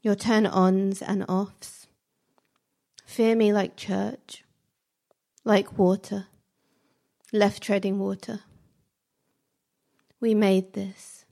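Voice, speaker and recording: A woman reciting spoken word poetry in slow, measured, fragmented phrases. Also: medium pitch, little pitch movement, creaky, dark tone.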